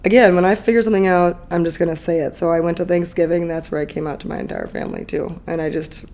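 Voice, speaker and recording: A woman's voice: fairly low pitch, big pitch swings, fast, darkish tone. A woman in her thirties, a podcast guest, telling a personal story candidly in a chatty, emotional way full of fillers.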